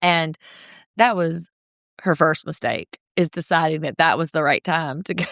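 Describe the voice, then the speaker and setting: A woman co-hosting a casual recap podcast, animated and breaking into mocking impressions. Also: low voice, moderate pace, gravelly, dry recording, studio quality. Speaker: podcast co-host.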